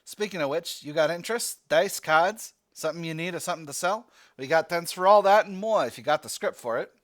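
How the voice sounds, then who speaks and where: A brash, wheeler-dealing army sergeant with a put-on New Jersey accent, as a man puts him on. He talks loud and quick, pitched a little high, always hustling a trade. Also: natural voice. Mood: wheeling-dealing. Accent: attempted New Jersey.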